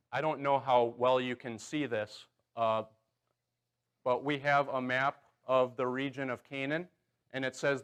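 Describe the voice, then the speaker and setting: A man's voice: medium pitch, a bit bright, smooth. A man leading a Bible class in a church auditorium, guiding volunteers and checking in often with "okay" and "right.".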